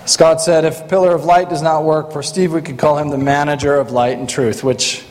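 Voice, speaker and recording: A man's voice: a little high, little pitch movement, moderate pace, a little mellow. A man introducing panel members with dry joking asides, in a large hall. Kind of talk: lighthearted introductions. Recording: long hall reverb.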